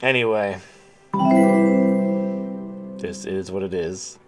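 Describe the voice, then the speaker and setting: A man's voice: deep voice, slow pace, over loud music. A man hosting a livestream show, ranting in a profane, sarcastic, rambling way. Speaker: show host. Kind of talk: livestream rant.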